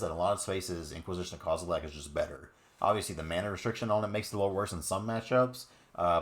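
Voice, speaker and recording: A man giving upbeat, chatty commentary on card game decks, with many fillers. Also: low-pitched. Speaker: card game content creator. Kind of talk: casual deck commentary.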